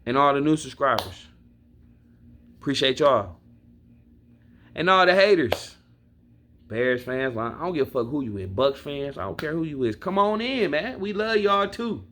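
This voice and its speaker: A man's voice: fairly high pitch, lively intonation, moderate pace, long pauses, fairly bright tone, slight background noise. Blunt, profane man venting to camera. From Milwaukee, Wisconsin. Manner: blunt, profane, talks straight to his viewers. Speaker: sports fan vlogger. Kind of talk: casual fan rant to camera.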